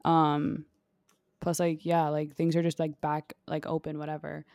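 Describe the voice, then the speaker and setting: Young woman, podcast co-host, lowish voice, rambling casual delivery. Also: completely flat delivery, a little slow, darkish tone, clean tone, dry recording, studio quality. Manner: chatty, heavy on filler "like". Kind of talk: casual chat.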